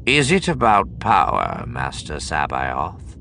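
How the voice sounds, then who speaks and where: A man voicing a mind-controlled general in an audiobook, speaking slowly and dutifully. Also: extremely low pitch, wildly swooping pitch, creaky, bright, forceful tone, a little hiss or hum, heavily acted. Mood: subdued. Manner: slow, subdued, dutiful. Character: mind-controlled male general, flat and obedient. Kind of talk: audiobook narration.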